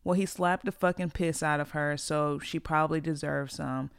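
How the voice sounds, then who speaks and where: A woman's voice: deep voice, fairly even intonation, normal speed, gravelly, hardly any pauses, clear, resonant tone, no room sound, clean studio sound. Blunt, profane woman podcast host. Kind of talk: casual opinion monologue.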